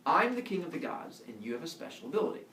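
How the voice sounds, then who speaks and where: A man's voice: fairly high pitch, sing-song, fast talker, pushed and bright, slight background noise. A man voicing a petulant, blustering king of the gods who barks demands, recorded from a distance in an echoey classroom. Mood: bossy. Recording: echoey classroom, far from the mic.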